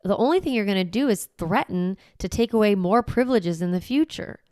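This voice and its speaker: A woman's voice: mid-range voice, expressive, brisk, a little mellow, no echo, studio quality. A woman hosting a parenting podcast who explains things in a casual, reassuring way and keeps asking "right?". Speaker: parenting coach and podcast host. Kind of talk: conversational teaching podcast.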